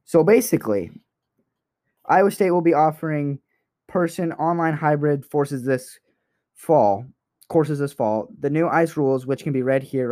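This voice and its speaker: A young American man co-hosting a casual podcast, his voice sitting at an ordinary middle pitch. He rambles with lots of fillers and restarts, then turns heated, emphatic and profane when something bothers him. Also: a little mellow. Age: young adult. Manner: rambling, gets heated and swears when riled. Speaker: podcast co-host.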